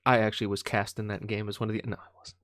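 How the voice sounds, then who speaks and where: A man's voice: lowish voice, level tone, racing, a bit bright, no echo, studio quality. A man co-hosting a podcast in casual, joking chat. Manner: joking, playful, does voices. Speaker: podcast co-host. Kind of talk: casual chat on a live stream.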